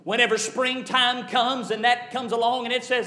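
A man preaches in a strikingly high voice, building impassioned, rhythmic runs of repeated phrases. His sermon rings through a reverberant church sanctuary. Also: fairly even intonation, moderate pace, pushed and bright. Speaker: pastor.

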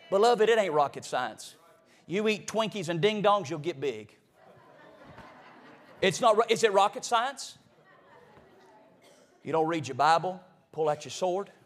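A man preaching a sermon, climbing to loud high peaks and dropping to low intense murmurs, calling out to his congregation and asking them to answer back. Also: expressive, measured pace, long pauses. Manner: call-and-response with the congregation.

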